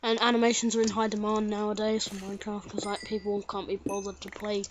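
A woman's voice: mid-range voice, monotone, fast talker, a little hiss or hum. A woman with sinusitis, casually commentating on a game at home through a desk mic instead of a headset, chatty and rambling. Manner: chatty and rambling, bursts into panicked shouts. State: congested with sinusitis. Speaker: gaming channel host. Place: home room with slight echo.

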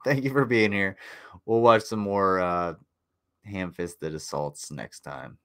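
A man's voice: low-pitched, slow pace, vocal fry, a bit bright. A tired man casually commenting on a livestream, joking and swearing as he rambles. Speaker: streamer reviewing war footage.

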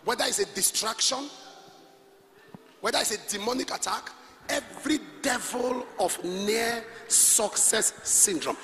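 A man with a Nigerian accent preaching a sermon, shifting from quiet asides to shouted calls and leading the congregation in prayer. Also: very high voice, normal speed. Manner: emphatic preaching, alternating soft asides with shouts; leads call-and-response prayer and prays in tongues. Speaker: pastor. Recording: reverberant hall with faint noise.

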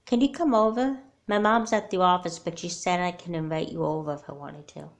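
A woman's voice: lowish voice, fairly quick, natural voice. A woman voicing a wary, earnest young girl doll in a homemade doll movie, who speaks bluntly.

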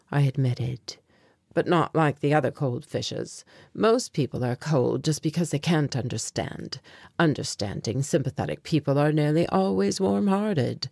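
A woman reading an audiobook in measured, reflective first-person narration. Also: deep voice, lively intonation, vocal fry, darkish tone, husky, dry recording, clean studio sound.

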